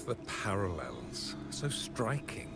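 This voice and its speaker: Sneery middle-aged cult acolyte, super lively swoopy delivery, slow and smug, game music behind. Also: male voice, fairly low pitch, gravelly, full character voice. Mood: scornful. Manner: sneering, contemptuous, slow and grand. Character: scornful middle-aged male zealot acolyte.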